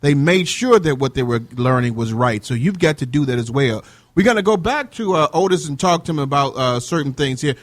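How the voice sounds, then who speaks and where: A man's voice: medium pitch, expressive, a little fast. A man hosting a talk show, joking around and preaching with lots of fillers. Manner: jokey, preachy, many fillers. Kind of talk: casual talk show chat.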